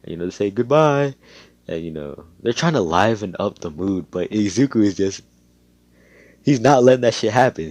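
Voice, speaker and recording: A man's voice: sits low, a little mellow, dry recording. A young man telling a fan story in a casual, rambling way, swearing often and leaning on fillers. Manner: rambling, profane, full of fillers.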